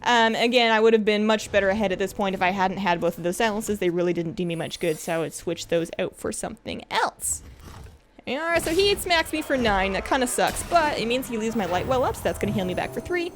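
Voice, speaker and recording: Speaking briskly over faint background noise, a gameplay commentator narrates her card game moves for the viewer. Her delivery is casual, friendly, and upbeat, with chatty energy and lively shifts in pitch.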